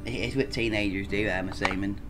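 A woman chatting casually while playing a life-simulation game, swearing often and breaking into loud shouts. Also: rumbling low, fairly even intonation, a little fast, music in the background. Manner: profane, loud shouted outbursts. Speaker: game player. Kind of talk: casual gameplay chat.

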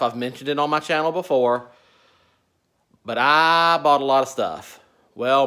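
A man with a Southern US accent, hosting a gardening channel and chatting excitedly through an unboxing. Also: mid-range voice. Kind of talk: casual vlog unboxing.

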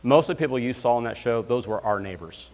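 A man preaching as a guest minister, telling comic stories and breaking into loud shouts of praise. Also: mid-range voice, expressive, quick pace. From Alabama, US South. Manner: storytelling with bursts of shouting praise. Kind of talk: lively comedic sermon. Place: church sanctuary. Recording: long church hall reverb.

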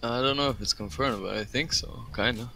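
A man's voice: mid-range voice, brisk, gravelly, sharp tone, faint music behind. A man chatting casually with friends during an online game, in a laid-back, noncommittal way. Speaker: gaming friend on voice chat. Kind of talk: casual gaming chat.

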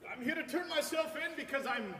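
An actor playing a flustered gentleman who insists on turning himself in, on a live stage. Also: very high voice, a little fast. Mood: indignant. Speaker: opera singer-actor in a staged comedy. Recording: roomy hall heard from far off with noise.

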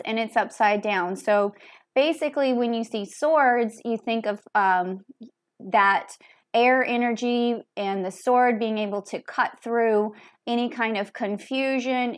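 Chatty woman giving a tarot reading. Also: fairly high pitch. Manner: chatty and heartfelt, laughing often, addressing the viewer directly. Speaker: tarot reader. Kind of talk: casual tarot reading to camera.

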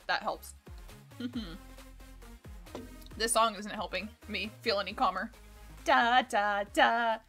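A woman streamer with a bright, somewhat high voice chats casually while she plays. She rambles, swears freely and talks to herself and to the game. Soft game music plays quietly behind her. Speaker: livestreamer. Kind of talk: casual game livestream chat.

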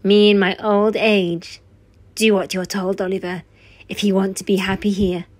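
A woman voicing a sly, greedy old male thief who leads a gang, with a low leering drawl that turns to a hiss. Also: level tone, normal speed, a little mellow, no room sound, close to an everyday voice. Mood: menacing. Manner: low leering drawl, hissing when menacing. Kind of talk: storybook reading.

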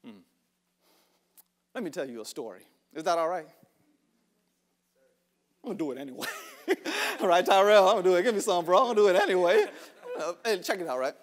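A male pastor preaching a sermon to a congregation, calling for responses, laughing between lines and rising to shouts in a church sanctuary. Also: sits high, very animated, a little fast, long pauses.

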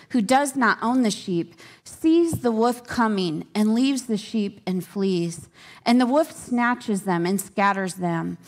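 A woman teaching a women's Bible study, earnest and devotional, repeating key phrases for emphasis. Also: fairly high pitch.

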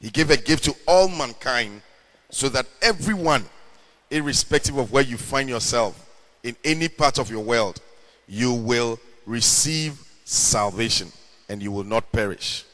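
A middle-aged man preaches a sermon at a deliberate pace, leaning on key words and drawing them out. His voice sits at an ordinary male pitch. A long reverb trails behind every phrase. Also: fairly bright tone. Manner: slow, measured preaching with drawn-out emphasis. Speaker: pastor.

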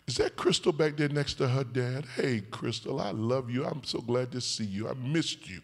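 A man preaching a sermon as a bishop, swinging from soft asides to shouted, sing-song whooping lines and calling out to the congregation. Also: mid-range voice, moderate pace, gravelly, hardly any pauses. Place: church sanctuary. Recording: long church hall reverb.

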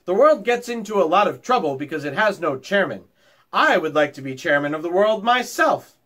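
A man reading aloud and voicing a tiny, self-assured mouse who teaches a class, in a crisp, bossy, matter-of-fact way. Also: high-pitched, lively intonation, brisk, pushed and bright, voice pushed up, exaggerated voice. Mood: lecturing.

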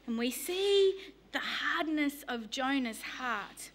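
An Australian woman preaching a sermon, telling stories in a lively, humorous way. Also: high voice, takes it slowly, a little hiss or hum. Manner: lively storytelling with humour.

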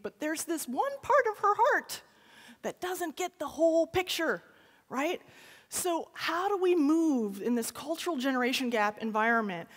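A woman giving an animated conference keynote, often turning to the audience with a quick "right?". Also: a little high. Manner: lively, animated, talks to the audience with frequent "right?". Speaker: keynote speaker. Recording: long reverb of a large hall.

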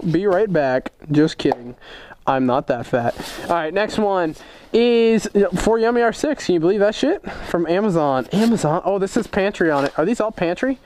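A young man with a fairly high voice talks loosely and excitedly to his viewers. He swears freely, jokes around, and reacts loudly as he goes through his fan mail. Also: moderate pace, slight background noise. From United States. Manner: excitable, swears a lot, jokey. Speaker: motorcycle vlogger opening fan mail. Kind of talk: casual vlog chat.

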